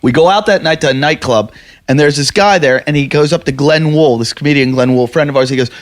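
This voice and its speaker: Man telling a profane comic story, slightly high. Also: quick pace. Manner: profane, animated, acts out other people's shouting. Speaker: podcast host. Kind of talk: casual storytelling chat.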